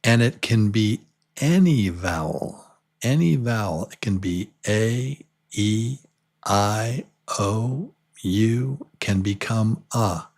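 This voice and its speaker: Patient man teaching pronunciation, slow, lowish voice, repeats each word many times. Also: animated, a little mellow, breathy edge. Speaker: English teacher. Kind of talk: slow beginner pronunciation lesson.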